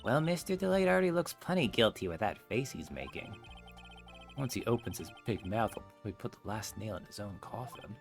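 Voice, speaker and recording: A moody prosecutor delivers grim, theatrical lines in a low, measured voice, as a man plays him. The lines come from a fan voice-over of a game. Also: very animated, gravelly, music in the background. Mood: brooding. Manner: dramatic, brooding pronouncements. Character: brooding, coffee-loving male prosecutor.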